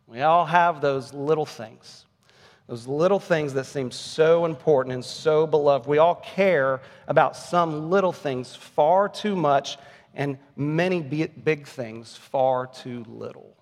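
A pastor delivers a sermon in an earnest, emphatic way, leaning on rhetorical questions. His voice sits a little higher than most men's. Long reverb rings out behind him, as in a large hall. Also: takes it slowly.

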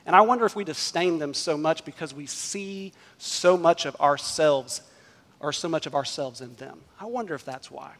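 Male pastor, slightly high voice, emphatic sermon delivery, long hall reverb. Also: moderate pace, a bit bright, slight background noise. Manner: emphatic preaching, rising and dropping in volume.

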